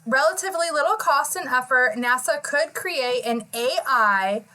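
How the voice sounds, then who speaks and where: A woman's voice: sits high, lively intonation, moderate pace, bright, forceful tone, poor audio. A woman podcast host in casual chat, recapping a hearing in a chatty, self-correcting way.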